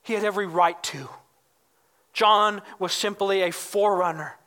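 Preacher with a bright, clear tone; emphatic sermon delivery that explains and reads scripture. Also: mid-range voice, normal speed. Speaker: pastor.

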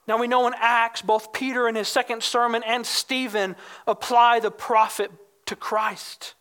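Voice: mid-range voice, bright, forceful tone. A pastor preaching a sermon in an emphatic way, often calling the listeners "guys" and acting out the quoted questions in a raised voice.

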